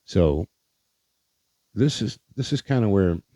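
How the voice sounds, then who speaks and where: A man's voice: lowish voice, animated, slow pace, warm tone, no room sound. A man hosting a podcast, telling a personal story in a candid, profane way, often stumbling over and repeating his words. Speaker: podcast host.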